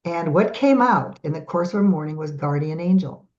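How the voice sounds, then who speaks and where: A middle-aged woman guest on a podcast, telling stories in a lively way and acting out the voices of the people in them. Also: sits low, moderate pace. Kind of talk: animated storytelling in a podcast interview. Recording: dull lo-fi audio.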